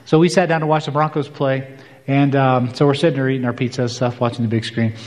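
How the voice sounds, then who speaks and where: A man's voice: medium pitch, little pitch movement, fast, darkish tone, long reverb tail. A man preaching a sermon, telling a personal story and acting out both sides of a conversation.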